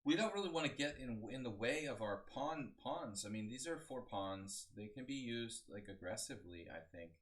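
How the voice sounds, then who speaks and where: A man's voice: mid-range voice, lively intonation, moderate pace, hardly any pauses. A man in his forties, a chess coach, giving a casual, rambling live-streamed analysis of games and chatting with his viewers. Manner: casual, rambling, talks to chat.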